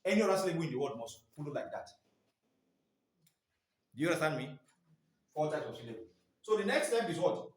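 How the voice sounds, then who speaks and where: A man's voice: fairly high pitch, sing-song, brisk, pauses often. A man training teachers in phonics, quizzing the class with repeated "what?" questions. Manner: quizzing, asks "what?" and waits for answers. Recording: echoey room, mic far off.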